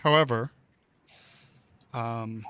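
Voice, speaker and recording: A man running a tabletop game as game master, describing the scene slowly with many pauses and fillers. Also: medium pitch, fairly even intonation, sharp tone, clear, resonant tone.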